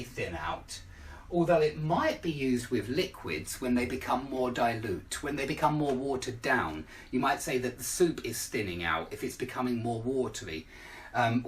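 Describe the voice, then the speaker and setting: A man's voice: mid-range voice, recorded from a distance, slight background noise. A man teaching an online lesson, patiently explaining with everyday examples. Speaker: English teacher.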